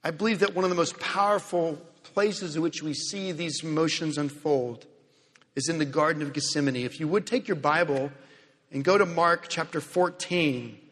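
Husky high-voiced preacher in a reverberant hall. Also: male voice. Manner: earnest, dramatic shifts between loud emphasis and hushed slow phrases. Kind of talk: sermon.

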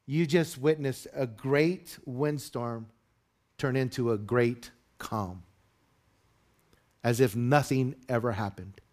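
A man preaching a sermon in an earnest, expressive way. His voice sits at an ordinary middle pitch and rises when he stresses a point. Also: slow pace. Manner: earnest preaching, rising loud and high when dramatizing the disciples. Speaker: pastor.

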